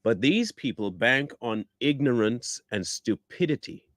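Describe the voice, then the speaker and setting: A man's voice: mid-range voice, big pitch swings, a little slow, no echo, studio quality. A man giving combative reaction commentary, blunt and scornful, firing rhetorical questions and repeating himself for emphasis. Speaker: online commentator.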